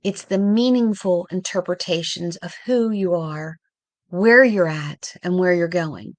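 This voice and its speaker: A woman hosting a reflective spiritual talk, speaking in short, measured phrases with pauses. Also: mid-range voice, lively intonation, fairly bright tone, no echo.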